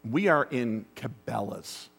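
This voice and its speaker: Pastor preaching in a reverberant hall. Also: male voice, mid-range voice, lively intonation, slow pace, vocal fry, slightly rough. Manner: storytelling, swings from hushed asides to raised urgent bursts. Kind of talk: sermon.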